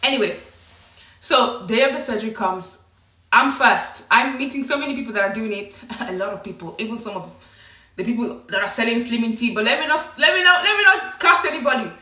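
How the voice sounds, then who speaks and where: A woman telling a story casually to camera in an animated way, often slipping into acted voices. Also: a little high, a little fast. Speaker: vlogger. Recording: echoey room, distant from the mic.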